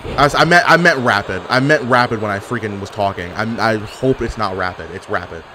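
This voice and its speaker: A young man giving sarcastic, animated trash-talk commentary over his own online wrestling game. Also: lowish voice, brisk, a little hiss or hum. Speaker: gaming YouTuber. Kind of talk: live gameplay commentary.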